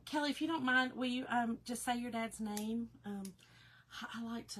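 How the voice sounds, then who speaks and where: A woman's voice: a little high, normal speed, a bit bright, slight background noise. A woman with a slightly nasal voice, chatting casually on a craft livestream and greeting viewers. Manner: chatty, emotional, reads viewer comments aloud.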